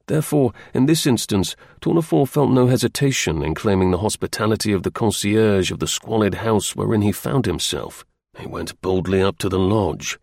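A man reading a historical novel aloud as an audiobook narrator, with measured, dramatic storytelling. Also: fairly low pitch, creaky, a little mellow, dry recording, clean studio sound.

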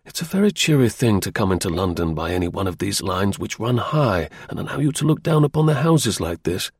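A man voicing a sharp, aloof male detective who speaks in a measured, lecturing way, in a husky, gravelly voice. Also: on the low side, sing-song, dry recording, heavily acted. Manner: measured, explaining, a little dry.

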